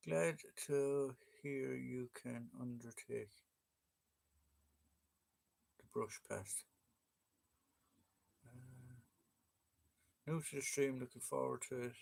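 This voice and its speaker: A man's voice: mid-range voice, vocal fry. A man with an Irish accent, hosting a casual live chat, reading viewer comments and joking with frequent fillers. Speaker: livestream host.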